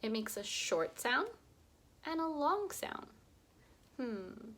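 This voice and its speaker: A woman teaching young children to read, sounding out vowels slowly and with exaggerated emphasis. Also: on the high side, sing-song, fairly bright tone. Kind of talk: early reading lesson for young children.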